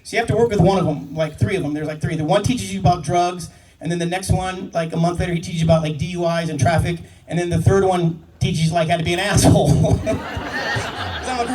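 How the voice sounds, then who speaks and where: A man doing stand-up comedy about police work, telling brash, profane stories quickly. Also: sits high. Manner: brash, profane, fast storytelling punctuated by laughs. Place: comedy club stage before a live audience. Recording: distant mic with loud crowd laughter.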